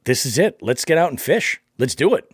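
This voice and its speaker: A man's voice: fairly high pitch, sing-song, brisk, husky, no echo, clean studio sound. Upbeat rambling male podcast host. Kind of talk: casual fishing podcast chat.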